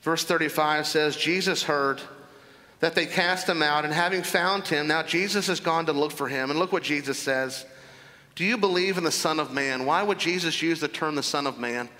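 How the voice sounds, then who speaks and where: A man's voice: on the high side, moderate pace, pushed and bright, long reverb tail, rough recording. A man preaching a sermon, reading scripture verse by verse and commenting on it with emphasis. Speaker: pastor.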